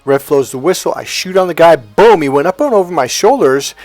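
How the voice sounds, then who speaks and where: Animated, swearing motivational man. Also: brisk, no echo, soft background music. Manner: swings from fired-up to low and hushed, swears freely. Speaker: motivational speaker. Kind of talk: storytelling monologue.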